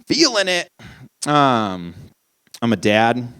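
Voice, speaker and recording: A man's voice: mid-range voice, wildly swooping pitch, extremely slow, sharp tone, clean tone. A young man performing a stand-up comedy set, ranting incredulously with lots of swearing. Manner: profane, incredulous, ranting punchlines.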